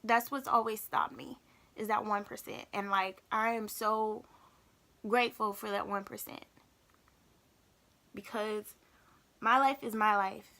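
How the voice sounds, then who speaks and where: A young woman talking openly in a personal vlog, halting and emotional, often repeating herself. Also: mid-range voice, fairly even intonation, vocal fry, sharp tone. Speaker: vlogger.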